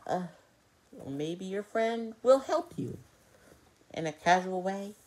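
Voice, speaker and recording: A woman's voice: medium pitch, lively intonation, slow pace, darkish tone, slight background noise. Hesitant woman telling a toy story. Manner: hesitant, with fillers and slips. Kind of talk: improvised children's story narration.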